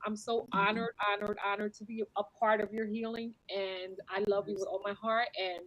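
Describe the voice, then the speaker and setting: A woman speaking emotionally and warmly on a podcast, repeating herself as she talks. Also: medium pitch, level tone, moderate pace, dry recording, rough recording. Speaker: podcast guest. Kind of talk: heartfelt casual chat.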